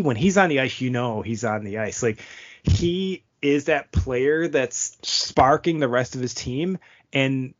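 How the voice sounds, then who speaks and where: A man co-hosting a hockey podcast in casual chat, rambling and animated, laughing at his own stumbles. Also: mid-range voice. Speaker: podcast co-host. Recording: dull lo-fi audio.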